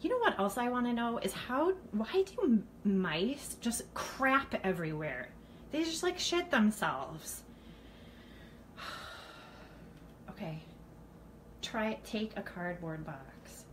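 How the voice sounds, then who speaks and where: A woman's voice: mid-range voice, sing-song, slow pace, pauses often, a bit bright, a little hiss or hum. A frightened woman in her home kitchen, talking to viewers in a panicky, exclaiming way. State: frightened, shaky. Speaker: vlogger. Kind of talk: casual live video.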